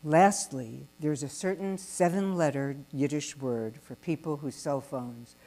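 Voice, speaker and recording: A woman hosting an event in a large synagogue hall reads a formal, measured introduction of the speakers. Her voice is low, and there is background noise.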